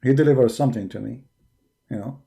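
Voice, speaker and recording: Arabic-accented man, gravelly and dark-toned, emphatic debater who mocks his opponents. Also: medium pitch, fast talker. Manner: combative, mocking, emphatic. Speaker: religious debater. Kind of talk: polemical monologue.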